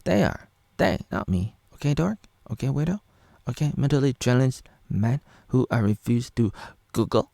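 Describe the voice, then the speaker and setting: A man's voice: mid-range voice, animated, normal speed, vocal fry, warm tone, no echo, voice pushed up. A man putting on a sneering online mocker. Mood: taunting. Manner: taunting, name-calling.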